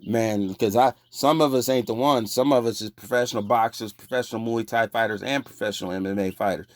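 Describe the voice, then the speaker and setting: A man's voice: steady tone, brisk, no echo. A man preaching a heated, profane rant, scolding his listeners in a confrontational way. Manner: gets louder and higher when agitated. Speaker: online religious preacher.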